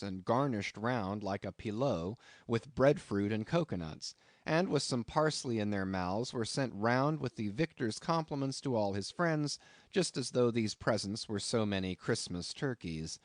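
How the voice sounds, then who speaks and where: A man's voice: no echo, studio quality. A man narrating a classic novel as an audiobook, reading expressively. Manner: expressive reading with wide pitch swings.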